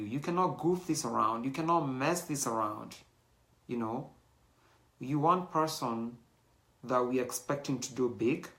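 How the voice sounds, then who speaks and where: Bright-voiced man hosting a show. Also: mid-range voice. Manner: animated, mixes in Swahili slang, many fillers. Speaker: show host. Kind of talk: casual talk to the audience.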